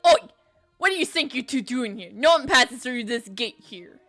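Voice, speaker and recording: A woman's voice: on the high side, expressive, very fast, faint music behind. Woman doing a barking surly gate guard. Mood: hostile.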